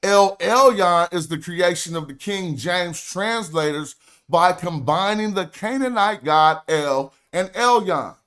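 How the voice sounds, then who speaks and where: High-voiced man lecturing emphatically. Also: slow, a bit bright. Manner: emphatic, argumentative, reads aloud from his notes. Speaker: stream host. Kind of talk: livestream lecture.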